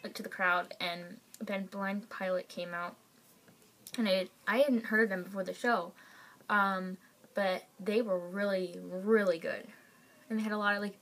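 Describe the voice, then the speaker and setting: A young woman telling a story to the camera at home, excited and gushing, with lots of fillers. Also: mid-range voice. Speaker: vlogger.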